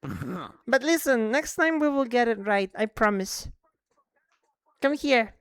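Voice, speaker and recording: A woman chatting on a live stream, excitable and quick to laugh, switching between English and Spanish as she plays. Her voice sits a little high and comes through smooth and clean. The close mic gives a dry, roomless sound. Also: no room sound. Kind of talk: casual live-stream chat while gaming.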